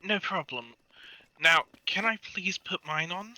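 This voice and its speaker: A man reads the part of a dry, monotone woman mage who speaks flatly. His tone is very bright and sharp, pitched somewhat high. It is a casual fan story reading. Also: a little slow, no room sound, exaggerated voice, rough recording. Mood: deadpan. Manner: flat, deadpan delivery.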